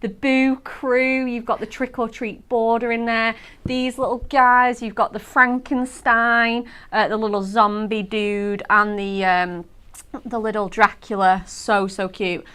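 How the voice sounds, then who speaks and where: Bubbly high-voiced woman presenting crafts. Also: flat delivery, a little slow, fairly bright tone, clean tone. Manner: effusive, bubbly, full of gasps and "so cute". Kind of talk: gushing product demo chat.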